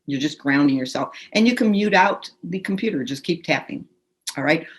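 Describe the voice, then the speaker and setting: A woman's voice: sits low, expressive, moderate pace, slightly rough. A woman guiding a group through a tapping session over a video call, giving instructions and leading phrases for them to repeat aloud. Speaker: tapping practitioner. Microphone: computer mic on a video call.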